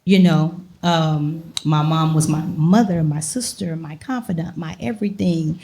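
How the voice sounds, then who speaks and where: An older woman, a grandmother, sharing her story haltingly from the audience of a live talk show. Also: low-pitched, warm tone. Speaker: audience member. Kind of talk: personal sharing.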